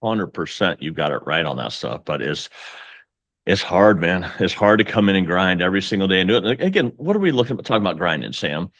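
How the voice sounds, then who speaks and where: A man's voice: low voice, very animated, fairly quick, a bit bright, no room sound, dull audio. A man talking as a guest mortgage coach, with an emphatic, pep-talk delivery. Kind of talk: casual podcast conversation.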